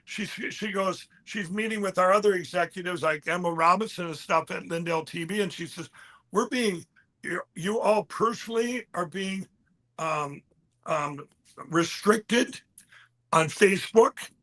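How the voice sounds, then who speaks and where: This high-voiced man, a guest in an interview, recounts a story at a measured pace. His delivery is bright, forceful and animated, wandering as he breaks off to quote others and begins sentences again.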